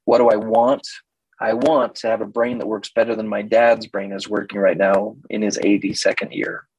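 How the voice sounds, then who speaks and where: A man's voice: fairly low pitch, level tone, moderate pace, a little mellow, a little hiss or hum, rough recording. A man in his fifties, a therapist, giving a teaching talk and animatedly acting out quoted exchanges. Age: 50s. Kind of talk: teaching talk with acted-out dialogues.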